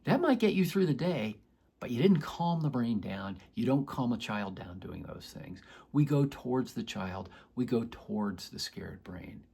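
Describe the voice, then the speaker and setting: A man's voice: medium pitch, expressive, a little slow, vocal fry, mellow, slightly rough. A man, a doctor, explaining earnestly to camera and acting out quoted voices in his examples. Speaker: doctor teaching about chronic pain. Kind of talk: educational talk to camera.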